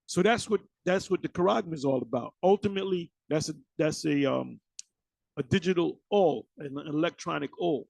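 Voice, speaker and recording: A man's voice: on the high side, moderate pace, gravelly, a little mellow, dry recording, rough recording. A man preaching informally, blunt and profane, often restarting and repeating words.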